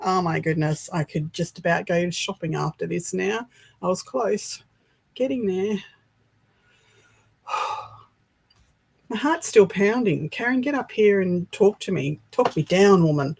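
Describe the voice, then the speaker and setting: An Australian woman hosting a casual livestream, excitable and breathless with frequent sighs. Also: lowish voice, takes it slowly, creaky, long pauses, husky, poor audio. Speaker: livestream host.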